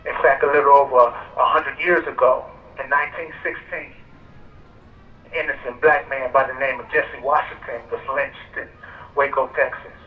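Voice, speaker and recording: A man on death row giving a measured speech over a prison phone call, played to a rally. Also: mid-range voice, fairly even intonation, roomy sound, recorded from a distance, slight background noise. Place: prison phone relayed to an outdoor park rally. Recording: muffled phone line played over speakers outdoors.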